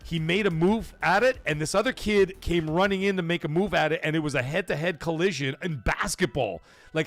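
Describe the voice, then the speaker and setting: A middle-aged man with a fairly high voice hosts a live stream, recorded with no echo. He chats casually, reads viewers' super chats aloud, and tells loose, rambling, emotional stories full of profanity.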